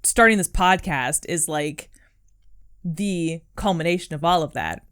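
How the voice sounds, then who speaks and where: A woman's voice: on the low side, a little slow, a bit bright, smooth. A young adult woman co-hosting a podcast, chatting casually in an earnest, encouraging way, full of "like" and "um". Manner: earnest, encouraging, heavy use of "like" and "um". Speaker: podcast co-host. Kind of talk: casual chat.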